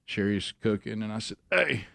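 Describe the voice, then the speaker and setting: A man hosting a talk show, telling a long animated story and acting out the voices of both people in it. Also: medium pitch, brisk. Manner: animated storyteller, acts out dialogue. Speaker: radio show host.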